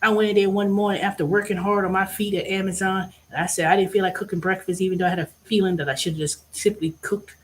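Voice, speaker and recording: A woman at a middling pitch talks straight to the camera in a casual rant. She is blunt and swears freely. Her voice leaps up loud for emphasis and then drops low again. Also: fast, hardly any pauses. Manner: animated, swinging between loud and low. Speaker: vlog host. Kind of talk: casual ranting monologue.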